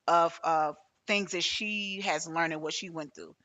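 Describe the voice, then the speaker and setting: Bright-voiced woman hosting a podcast. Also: low voice, unhurried. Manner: hesitant, restarts often, tells personal stories. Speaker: podcast host. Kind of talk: casual conversational interview.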